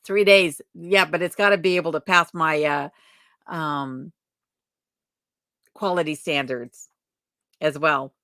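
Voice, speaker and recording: A woman's voice: low voice, fairly even intonation, takes it slowly, pauses often, fairly bright tone, dry recording, clean studio sound. A woman hosting a livestream chat who reads viewer comments aloud and greets people by name in a friendly, chatty way. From lives in Alaska. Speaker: livestream host.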